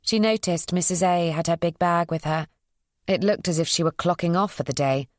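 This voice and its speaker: A woman reading a psychological thriller as an audiobook narrator, in an even, measured storytelling voice. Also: on the low side, no room sound, studio quality.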